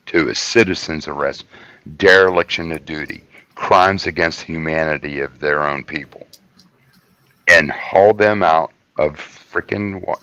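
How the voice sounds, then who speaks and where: A man on a talk panel in heated political chat, speaking forcefully and stressing words slowly. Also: low-pitched, dry recording. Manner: forceful, emphatic, drawn-out stresses. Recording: dry, muffled lo-fi sound.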